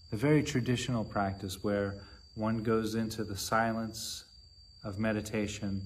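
A man with a low-set voice gives a dharma talk as a meditation teacher. He speaks very slowly and in a measured way, letting long pauses fall between short phrases. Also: a little hiss or hum.

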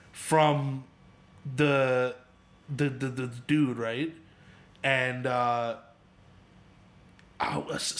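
A man's voice: on the high side, a bit bright. A young man on a podcast, telling a long story in rambling casual chat with many restarts and swearing. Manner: rambling storyteller who stammers and swears a lot. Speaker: podcast co-host.

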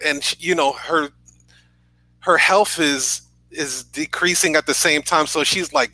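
Man from new york, bright tense voice, dry sound, earnest storytelling, video call. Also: on the high side, slow, pauses often, dry recording, poor audio. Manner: earnest, tag questions with "right?". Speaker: podcast guest, entrepreneur. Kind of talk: emotional personal storytelling.

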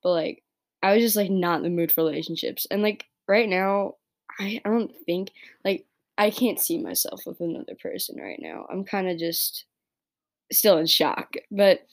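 A teenage girl from New York talking through her breakup on her own podcast, rambling and filling every pause with "like" and "right?". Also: lowish voice, expressive. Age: teens. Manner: rambling, heavy use of "like" and "right?". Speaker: podcast host. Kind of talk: casual personal podcast monologue.

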